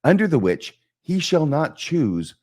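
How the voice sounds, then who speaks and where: A man's voice: a little high, very animated, unhurried, darkish tone, pitched above the performer's own voice. A man reading a scheming king's verse lines aloud in a plain reading voice. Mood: persuasive. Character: scheming middle-aged male king, persuasive.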